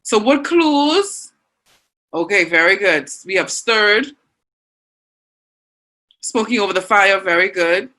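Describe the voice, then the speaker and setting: A woman's voice: medium pitch, measured pace, pauses often, pushed and bright, rough recording. Encouraging Bahamian woman teaching online. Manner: encouraging, reads out student answers. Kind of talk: online class lesson.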